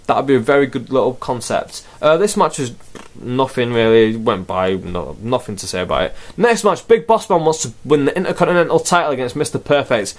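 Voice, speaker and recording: A man's voice: fairly high pitch, sing-song, fairly quick. A man giving a rambling, sarcastic wrestling review and swearing freely. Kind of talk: casual spoken review.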